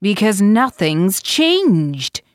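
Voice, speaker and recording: A woman reading an audiobook, voicing an agitated, haunted man who speaks in a low, choked, furious way. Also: lively intonation, slow, no room sound, studio quality. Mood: fierce.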